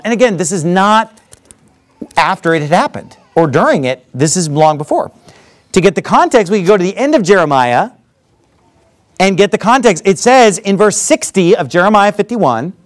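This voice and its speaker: A pastor with a notably high-pitched voice is delivering a sermon. He walks through scripture verse by verse and slips into quick acted asides for the people in the story. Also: very animated.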